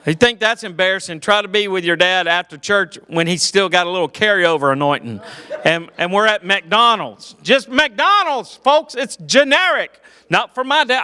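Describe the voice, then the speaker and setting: Folksy Southern comedian, bright ringing voice. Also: male voice, high-pitched, animated. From Georgia, US. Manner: folksy, self-deprecating, halting with fillers. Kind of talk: clean stand-up storytelling. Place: church hall. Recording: echoey hall.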